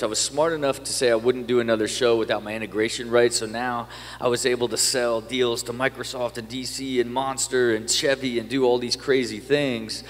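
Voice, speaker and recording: A man telling stories in a casual interview, animated and profane, full of fillers and restarts. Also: mid-range voice, long reverb tail. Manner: animated, swears a lot, many fillers and restarts. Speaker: podcast guest.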